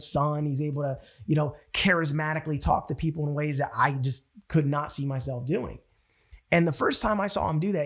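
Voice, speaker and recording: Male sales trainer, husky voice, slightly high, animated storyteller. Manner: animated storytelling, acts out quotes. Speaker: network marketing trainer. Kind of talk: motivational training talk.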